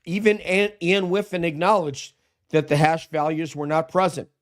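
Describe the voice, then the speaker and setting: A man's voice: a little high, little pitch movement, moderate pace. A man talking as a guest on a live true-crime stream, emphatic and argumentative as he makes his points. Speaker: guest co-host.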